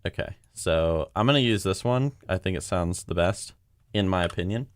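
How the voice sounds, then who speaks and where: A man casually commenting while editing audio, relaxed and chatty, thinking out loud. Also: low-pitched, moderate pace, dry recording, clean studio sound. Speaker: machinima creator editing audio.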